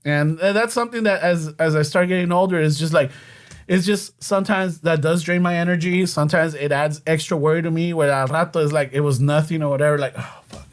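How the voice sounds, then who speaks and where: Man, high voice, profane, casual podcast chat. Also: a little fast. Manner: profane, mixes Spanish into English.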